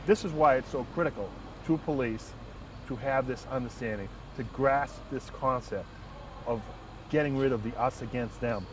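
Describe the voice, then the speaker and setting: A man, a transit police lieutenant, telling a work anecdote in an earnest, measured way with frequent restarts. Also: medium pitch. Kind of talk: first-person anecdote and reflection. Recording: distant mic, faint outdoor traffic noise.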